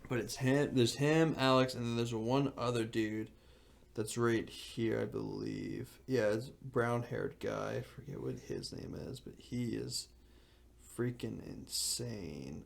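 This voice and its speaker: A man in his twenties co-hosting a podcast, rambling excitably in casual chat full of filler words. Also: medium pitch, creaky. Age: 20s. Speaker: podcast co-host.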